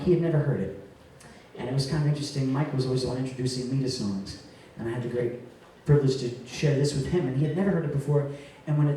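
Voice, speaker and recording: A man's voice: mid-range voice, a little hiss or hum. Distant echoey man telling a story on stage. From Rhode Island. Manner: chatty and joking, trailing into soft tender moments. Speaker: cabaret singer presenting an award. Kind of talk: live stage speech to an audience. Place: cabaret venue stage. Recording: echoey room heard from a distance.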